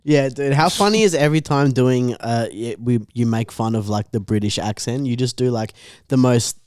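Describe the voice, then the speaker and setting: A man's voice: medium pitch, moderate pace, darkish tone, clear, resonant tone, no room sound. Young Australian man, podcast co-host; crude laughing banter, plenty of swearing, mid-range voice, close dry sound. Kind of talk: casual chat.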